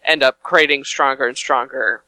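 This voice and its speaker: Bright-voiced, easygoing male co-host. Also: mid-range voice, steady tone, normal speed, no echo, poor audio. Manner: easygoing, agreeable, laughs often. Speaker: podcast co-host. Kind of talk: casual chat.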